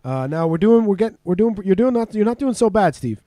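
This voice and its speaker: High voiced podcast host guy from canada, laughs a lot, swears, dry close sound. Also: animated, fast talker, dark tone, no room sound. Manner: laughing often, swearing freely, quizzing the guest. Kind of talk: casual podcast chat. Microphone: remote call.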